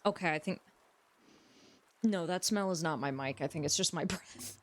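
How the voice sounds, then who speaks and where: A woman's voice: fairly low pitch, moderate pace. Rambling, joking woman streamer. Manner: rambling, joking, talks to chat. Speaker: livestreamer. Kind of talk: casual stream chat. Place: home room.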